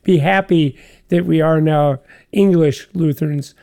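A man's voice: a little high, unhurried, creaky, mellow. A man co-hosting a casual religious talk show, chatting in a folksy, joking way and laughing easily. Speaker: podcast co-host. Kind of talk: casual chat.

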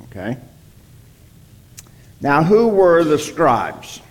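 A man's voice: fairly high pitch, sing-song. A man teaching a Bible study, explaining a passage verse by verse and often checking in with "okay?". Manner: slow, deliberate, checks in with "okay?".

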